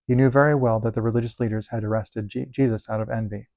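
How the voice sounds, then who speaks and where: A man reading Bible passages aloud in a steady, measured delivery. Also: medium pitch, dry recording. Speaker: Bible reader.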